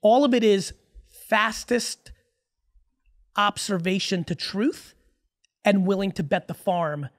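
A man in his forties, a podcast guest, talking in a casual, emphatic and profane way with rapid-fire stories. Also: high-pitched. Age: 40s.

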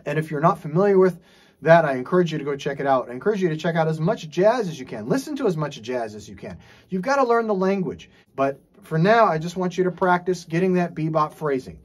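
A man teaching jazz drums in a relaxed, casual way, scat-singing rhythms and checking in with frequent "okay"s. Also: a little high, fast. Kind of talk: casual instructional talk. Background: drum playing.

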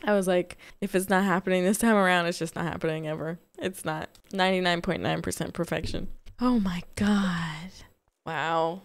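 A young woman hosting a casual let's-play, muttering in exasperation and then bursting into relieved excitement. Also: on the low side, fairly quick, hardly any pauses, clean tone, no echo. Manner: animated, exasperated muttering with sudden joyful outbursts. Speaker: gaming channel host.

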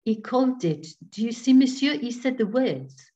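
A woman voicing a grave, devout male French village priest, speaking slowly and solemnly over a dull video call. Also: on the high side, expressive, dark tone, pitched above the performer's own voice, natural voice. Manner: slow, solemn, measured.

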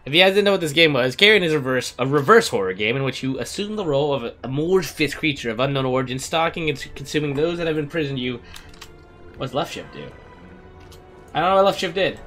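A man's voice: on the high side, expressive, quick pace, pushed and bright, soft background music. A man hosting a casual let's-play, joking and talking to the characters on screen as he plays. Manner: playful, jokey, talks to game characters. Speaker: gaming video host.

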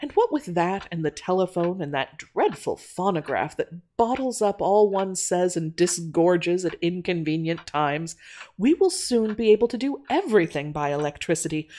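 A lively young lady visitor in an old-fashioned audio drama, voiced by a woman. She gushes playfully and theatrically. Her voice dances over a wide range of pitch.

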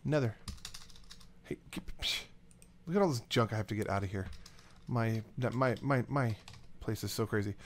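A man giving casual, rambling gameplay commentary as a let's play host, getting excited and chatting to the items he handles. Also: fairly low pitch, moderate pace, long pauses, slight background noise.

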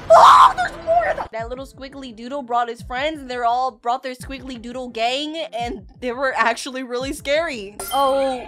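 High, shrieky young woman reacting. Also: moderate pace, few pauses. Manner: excitable, shrieking and laughing. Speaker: reaction video host. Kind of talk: reacting to scary clips. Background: music from the clips.

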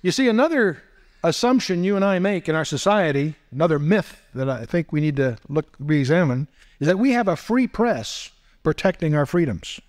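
Man, Bible teacher, lecture to an audience, higher-pitched voice, rhetorical questions, wry asides. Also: lively intonation, moderate pace. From United States.

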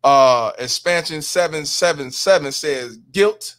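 A man with a fairly high, slightly bright voice hosts a casual livestream at a measured pace. He reads viewer comments aloud, calling out chat names, and agrees emphatically, saying "hundred percent" again and again.

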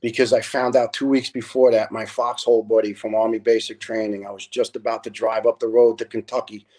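A middle-aged man, a retired fire lieutenant guesting on a podcast, telling stories in a casual, animated way, acting out dialogue and swearing freely. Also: lowish voice, fairly quick. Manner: animated, profane storyteller who acts out dialogue. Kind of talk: casual storytelling.

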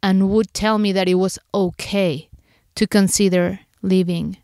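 Woman host, candid emotional storyteller, crisp tone, middle pitch. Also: steady tone, unhurried, a little mellow, dry recording, studio quality. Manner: candid, emotional retelling with acted inner quotes. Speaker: podcast host. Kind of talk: personal storytelling.

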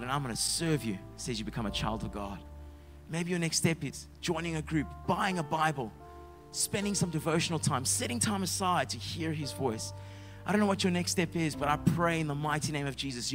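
Pastor preaching a sermon. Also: male voice, a little high. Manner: dynamic, swings from loud shouts to soft hushed tones. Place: church.

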